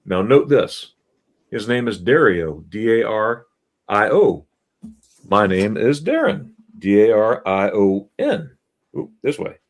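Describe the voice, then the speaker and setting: A middle-aged man hosting a casual live stream, telling animated stories and quizzing his listeners as he goes. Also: lowish voice. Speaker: host.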